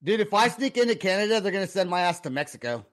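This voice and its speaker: A man with a high voice that swings widely in pitch hosts a casual podcast. He is excitable and curious, often breaking into laughs. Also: fast. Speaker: podcast host.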